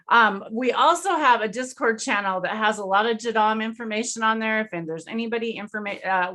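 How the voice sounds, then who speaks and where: Bright high-voiced woman hosting a stream. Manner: chatty, lots of fillers, enthusiastic. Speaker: host. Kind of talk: casual live-stream chat. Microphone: video call.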